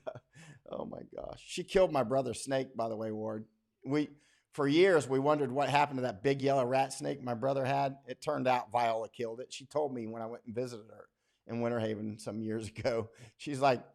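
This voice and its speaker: A man's voice: medium pitch, normal speed, vocal fry. A man, a war correspondent, hosting a casual livestream and reading out viewer comments in a rambling, folksy, blunt way with many asides.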